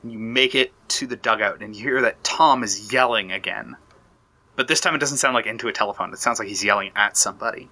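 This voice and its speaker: A man's voice: on the low side, quick pace, sharp tone. A man running a tabletop role-playing game as game master, narrating scenes with frequent restarts. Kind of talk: narrating a tabletop war campaign.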